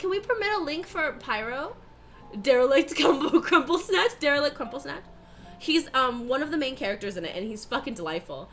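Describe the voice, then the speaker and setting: A woman's voice: medium pitch, fairly bright tone. A young woman chatting casually on a live stream as she bakes, swearing and laughing often and sounding out words over and over. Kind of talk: casual live-stream chat while baking.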